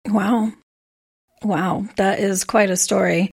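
A woman's voice: medium pitch, steady tone, slow, creaky, darkish tone, slightly rough. A woman co-hosting a faith podcast, prompting her partner with questions and reacting to his stories. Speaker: podcast co-host. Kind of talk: casual faith discussion.

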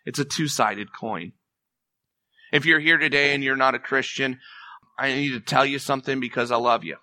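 A man's voice: medium pitch, moderate pace, bright, forceful tone, no room sound. A man preaching a sermon as pastor, earnest and emphatic, pressing his point with rising intensity.

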